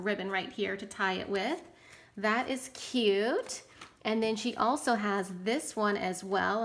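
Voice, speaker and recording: A woman's voice: mid-range voice, a bit bright. A woman hosting a casual craft vlog, gushing with delight and exclaiming often as she shows off handmade tags she received in the mail. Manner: gushing, enthusiastic, lots of "oh my goodness". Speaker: craft channel host. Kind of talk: casual show-and-tell vlog. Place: indoors near bright sunlight.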